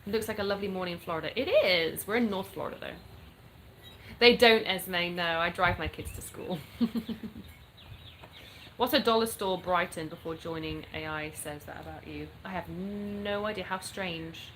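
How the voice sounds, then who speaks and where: A content creator in her thirties talks at normal speed in a fairly low, fairly bright voice, with a little hiss or hum on poor audio. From her North Florida home, she reads viewer questions aloud in a casual live chat and answers them plainly. Her accent is a mixed English one, as she was born in the US and raised in England.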